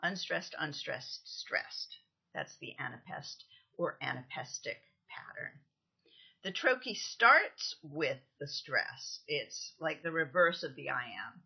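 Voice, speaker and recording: A woman lecturer giving a recorded lesson, explaining things patiently, counting out stresses and often pausing with "um". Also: low-pitched, animated, breathy edge, lo-fi sound. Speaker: literature lecturer.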